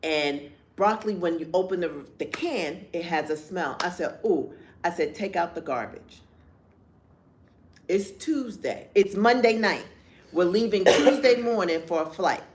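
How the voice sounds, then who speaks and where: A woman's voice: lowish voice, moderate pace. A woman in her fifties co-hosting a candid chat show, telling a story with vivid acted-out quotes and blunt, profane language. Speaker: podcast co-host.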